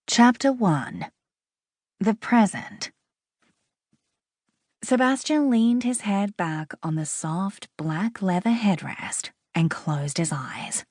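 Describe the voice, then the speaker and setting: A woman narrating a romance audiobook in a measured, expressive reading on a close studio mic. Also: medium pitch, dry recording. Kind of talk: scripted narration.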